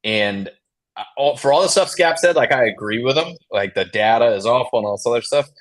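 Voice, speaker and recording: A man, a realtor co-hosting a podcast, talking emphatically in relaxed slang. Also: mid-range voice, brisk. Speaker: realtor co-host. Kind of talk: casual panel talk.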